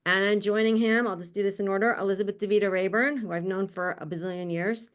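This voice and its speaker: A woman's voice: mid-range voice, fairly even intonation, fast talker. A woman hosting an online panel on a video call, introducing guests in a chatty, friendly way with frequent laughs and asides. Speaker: panel host.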